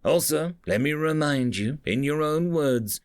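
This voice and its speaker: A man's voice: a little high, lively intonation, unhurried, clear, resonant tone, dry recording, clean studio sound, pitched above the performer's own voice. A man voicing a blunt, commanding starship captain who gives firm, clipped orders in a raised voice.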